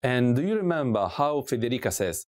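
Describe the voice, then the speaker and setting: A woman giving a scripted language lesson, asking slow drill prompts and repeating each word clearly. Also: extremely low pitch, very animated, darkish tone. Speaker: language teacher.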